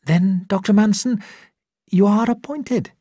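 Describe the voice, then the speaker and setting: A formal male committee secretary, as the story's reader puts him on speaks in a measured, official tone. The delivery is slow and a little husky. It sounds dry and close. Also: mid-range voice, mellow, no echo, pitched above the performer's own voice, natural voice.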